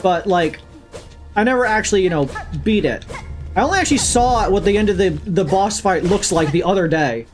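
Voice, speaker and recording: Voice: medium pitch, animated, brisk. A streamer chats casually over gameplay, rambling and swearing freely, the voice rising and dipping a lot. Game music plays faintly underneath. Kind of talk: casual gaming commentary.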